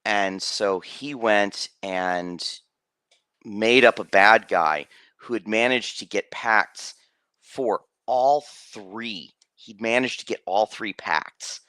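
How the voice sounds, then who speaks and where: A man's voice: lowish voice, takes it slowly, bright, forceful tone, clear, resonant tone, no room sound. A man who runs tabletop games, telling a story in casual stream chat, rambling with many restarts and fillers. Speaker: game master.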